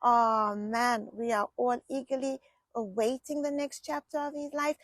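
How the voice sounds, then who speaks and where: A middle-aged woman from England telling personal family stories in a chatty, animated vlog style, often repeating herself. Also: a little high, a little slow, no room sound. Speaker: vlogger. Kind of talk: casual personal storytelling.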